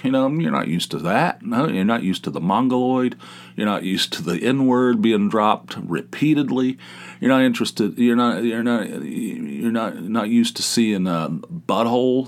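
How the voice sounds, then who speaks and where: Middle-aged guy podcasting alone, kinda low voice, just rambling along telling stories. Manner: rambling, conversational storytelling. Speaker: podcast host. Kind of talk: casual solo monologue.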